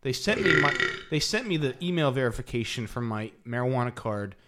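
A man's voice: medium pitch, expressive, fairly quick, heavy background noise. A man co-hosting a podcast in casual chat, rambling and swearing, with many restarts. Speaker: podcast co-host.

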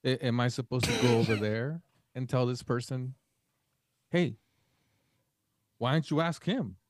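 A man's voice: medium pitch, normal speed, no room sound. A man co-hosting a podcast, telling a long story in casual chat and acting out the dialogue in it. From Mexican family. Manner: rambling storyteller, acts out quoted dialogue. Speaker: podcast co-host.

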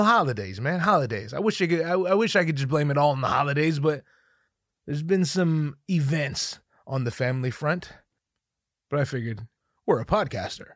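A man's voice: on the high side, fairly bright tone, no room sound. A man in his thirties hosting a solo podcast, rambling and joking with lots of profanity and self-mockery, recorded on a studio microphone at home. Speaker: podcast host. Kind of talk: solo casual podcast monologue. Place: home room with a dog nearby.

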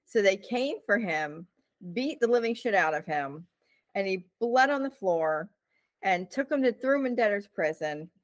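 A woman's voice: medium pitch, expressive, moderate pace, dry recording. A woman co-hosting a podcast who tells a story in casual chat, full of "like" and "you know", and acts out the quotes. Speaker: podcast co-host.

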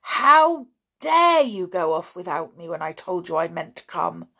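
A woman's voice: fairly low pitch, very animated, measured pace, gravelly, bright, forceful tone, heavily acted. A woman reading aloud, voicing an angry, hurt tomboy girl who speaks indignantly and accusingly. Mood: furious.

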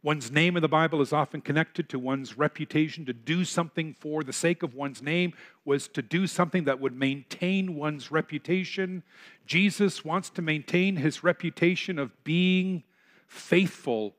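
A man delivering a sermon in a church sanctuary, with a voice a little higher than most men's. He preaches earnestly and leans on rhetorical questions to draw his listeners in. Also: normal speed, fairly bright tone. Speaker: pastor.

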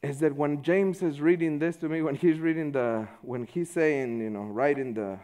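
A man giving a conversational sermon, informal and full of "you know", swinging between loud stretches and hushed ones. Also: fairly high pitch, normal speed. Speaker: preacher.

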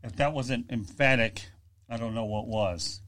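A man's voice: medium pitch, unhurried, background noise. A man hosting a sports talk show, chatting loosely and joking with his guests and callers. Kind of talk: casual sports talk radio.

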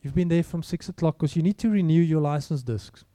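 High, mellow-voiced preacher. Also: male voice, brisk, no echo. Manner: conversational preaching, rhetorical questions. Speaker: pastor. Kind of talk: sermon.

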